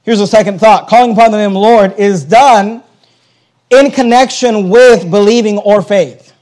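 A man's voice: high-pitched, normal speed, darkish tone, rough recording. A man preaching a sermon as a pastor, hammering points home with emphatic repetition.

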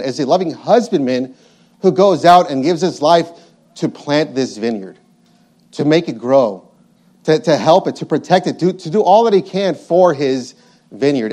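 A man's voice: a little high, warm tone. A man preaching a sermon, reading scripture aloud and repeating his points with emphasis.

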